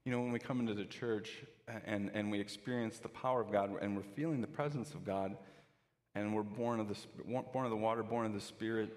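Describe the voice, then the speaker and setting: A man's voice: fairly low pitch, steady tone, brisk, in a large hall. A pastor giving a conversational sermon, often restarting his sentences.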